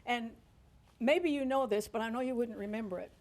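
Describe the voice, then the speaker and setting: A woman's voice: a little high, a little fast, a little mellow. An older woman hosting a television cooking segment, chatting in a folksy, lightly joking way. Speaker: host. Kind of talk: casual cooking-segment chat. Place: television studio kitchen.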